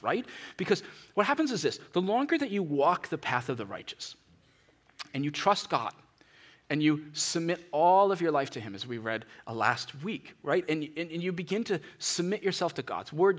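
A middle-aged man preaching a sermon in a church, conversational and animated, acting out little scenes. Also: sits high. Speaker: pastor.

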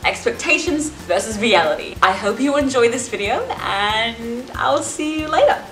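A woman's voice: fairly high pitch, animated, normal speed, hardly any pauses, fairly bright tone. A young woman, hosting a scripted comedy vlog in a chatty, upbeat way from a room at home. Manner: chatty and upbeat, with bursts of laughter. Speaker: vlogger. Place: room at home, late at night. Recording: echoey room with faint hiss.

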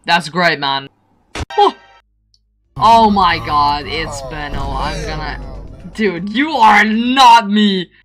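A young man giving excited gameplay commentary, rambling with fillers and breaking into screams and laughter. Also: a little high, takes it slowly, long pauses. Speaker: gamer recording gameplay. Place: indoors at a computer, in voice chat. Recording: game music playing faintly behind.

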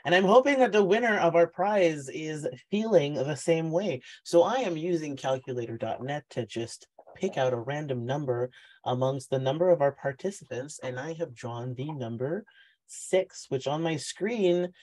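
A man's voice: on the high side, lively intonation, moderate pace, a little mellow. A man hosting an online book launch, chatty and rambling with frequent ums and hesitations. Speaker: event host.

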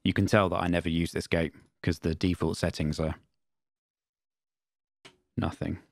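A man with a deep, low voice walks through audio software settings in a plain, matter-of-fact tutorial manner. The recording is dry and close, with no room sound around the voice. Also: little pitch movement, moderate pace, creaky, no room sound. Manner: plain, matter-of-fact explaining with repeated test phrases. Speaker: music production tutor.

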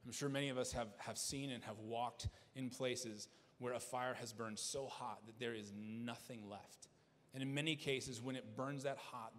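A man delivers a sermon from the pulpit in a mid-pitched voice, earnest and prone to restarting phrases. The sanctuary around him carries a long, ringing reverb. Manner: earnest preaching with repeated restarts. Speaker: pastor. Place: church sanctuary. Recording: long church hall reverb.

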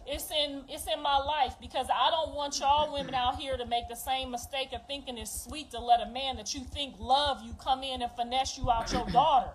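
Woman, 50s, high voice, confessional livestream rant, emphatic and blunt. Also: a little hiss or hum, rough recording. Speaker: mother telling her life story.

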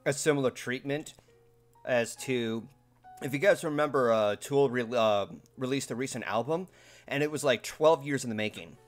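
A man's voice: mid-range voice, moderate pace, faint music behind. A man in a casual group chat, rambling through jokey comparisons.

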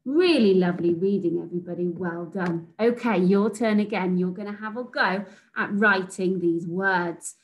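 A woman teacher from England giving a recorded phonics lesson to young children, sounding out letters slowly and praising them. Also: medium pitch, dull audio, a little hiss or hum. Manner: slow, sing-song, sounds out letters and praises. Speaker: reception class teacher.

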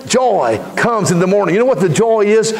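A middle-aged man with a drawl preaches in church, spinning homespun stories from the pulpit. His voice sits on the high side. He swings from easy, rambling anecdote to fervent, shouted exhortation. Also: expressive, moderate pace, vocal fry. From Texas. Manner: folksy, rises to shouted fervor. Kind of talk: storytelling sermon.

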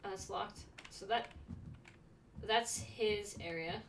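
A young woman streaming a video game, chatting excitedly to herself and breaking into sudden squeals. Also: medium pitch, takes it slowly, recorded from a distance, background noise. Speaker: let's play streamer. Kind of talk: casual gameplay commentary.

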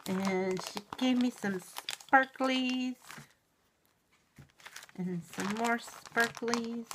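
A middle-aged woman opening a mail package in a home vlog, gushing and giggling, shaky with excitement. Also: on the high side, slow pace, long pauses, slight background noise. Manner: gushing and giggly, exclaims often. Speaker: YouTube reviewer. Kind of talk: unboxing vlog.

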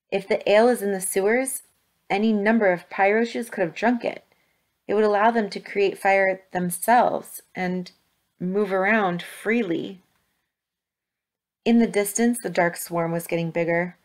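A woman reading a storybook aloud with steady, expressive narration. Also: mid-range voice, unhurried.

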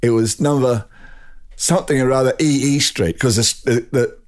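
A man's voice: medium pitch, fairly even intonation, moderate pace. An older man with an Australian accent, a guest telling rambling anecdotes in casual conversation, with laughs and restarts. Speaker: guest, drag racing champion. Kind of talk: casual storytelling.

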